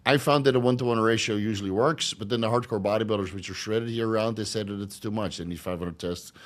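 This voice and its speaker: A man's voice: fairly low pitch, quick pace. Rambling crude man answering chat. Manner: rambling, crude, laughs often, many fillers. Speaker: channel host answering live chat questions. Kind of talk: casual livestream Q&A.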